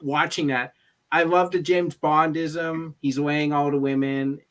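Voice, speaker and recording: Casting note man, a bit higher-pitched, wry panelist weighing in on a film in a casual chat. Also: flat delivery, unhurried, a bit bright. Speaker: movie review panelist.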